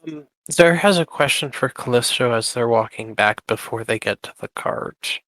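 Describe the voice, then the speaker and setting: A man playing his character in a tabletop game, earnest and polite with halting restarts. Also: medium pitch, fairly bright tone, no echo, rough recording. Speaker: player character voice. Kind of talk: tabletop role-play.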